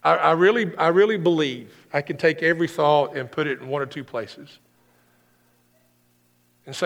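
High-voiced preacher in an echoing hall. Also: male voice, moderate pace, creaky, pauses often, a bit bright. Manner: earnest, repetitive, builds to emphatic peaks. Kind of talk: sermon.

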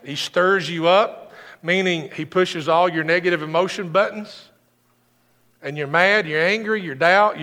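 A man delivers a sermon in a high voice, earnest and repetitive, pressing his points home with emphatic peaks. His words ring out with the long reverb of a large hall. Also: sharp tone. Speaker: preacher.

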